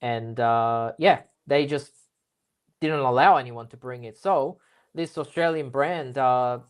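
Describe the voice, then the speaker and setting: A man's voice: mid-range voice, slow, clear, resonant tone. A man speaking as a guest in a casual business interview, explaining things at length with lots of fillers and restarts. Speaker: guest expert.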